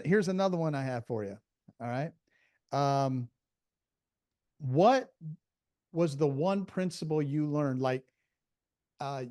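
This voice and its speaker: Podcast host guy, kinda high voice, rambles through his questions, dry mic. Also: darkish tone, no room sound. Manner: rambling, rephrases his questions several times. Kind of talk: casual interview.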